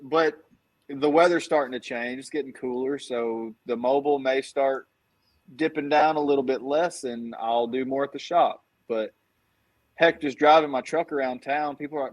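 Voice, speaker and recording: A man talking as a guest on a casual podcast, easygoing and quick to act out what customers say in lively voices. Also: medium pitch. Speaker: guest, dent repair tech.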